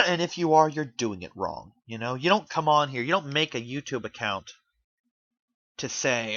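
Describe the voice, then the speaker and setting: A man's voice: medium pitch, animated, normal speed, pushed and bright, no room sound, dull audio. A man giving an earnest, pleading rant to his audience, rambling with restarts as he speaks from the heart. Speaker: YouTuber. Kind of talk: earnest spoken rant to camera. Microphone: home microphone.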